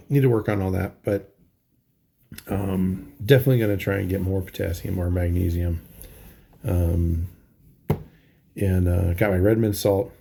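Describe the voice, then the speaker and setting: A middle-aged man talking casually in a halting video diary, tired and full of ums and restarts. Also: low-pitched, gravelly, warm tone, a little hiss or hum. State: tired, yawning. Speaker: vlogger.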